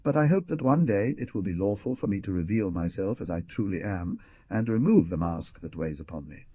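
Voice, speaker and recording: A man's voice: fairly low pitch, expressive, a little fast, husky, no echo, highs cut off. A man voicing a proud, bitter young outlaw with an intense delivery. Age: young adult.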